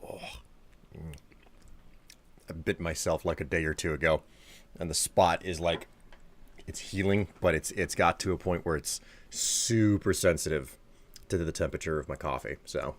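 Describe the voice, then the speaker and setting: A man's voice: low voice, moderate pace, pauses often. A man chatting casually with his live-stream viewers, sleepy and rambling as he reads and answers chat.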